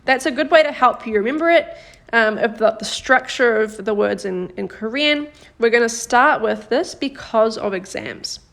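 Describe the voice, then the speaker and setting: A woman teaching a live-streamed grammar lesson, patient and encouraging, praising viewers by name and slowing down to model example sentences. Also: fairly high pitch, creaky, a bit bright. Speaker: Korean language teacher.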